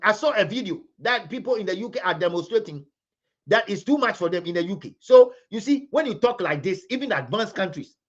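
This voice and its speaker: A man's voice: sits high, muffled recording. A Ghanaian man giving impassioned live commentary, scolding and repeating phrases for emphasis. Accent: Ghanaian English. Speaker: livestream commentator.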